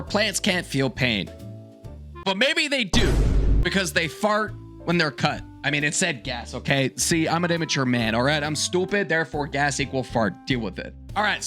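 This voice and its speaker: Man, vlog host, excitable, exaggerated reactions, high-ish voice, faint music under. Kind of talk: reacting to searches.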